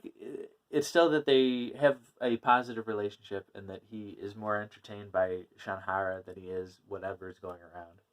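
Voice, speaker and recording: A man's voice: lowish voice, fairly bright tone. A man casually talking through a comic book issue, rambling with many fillers and small laughs. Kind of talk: casual chat.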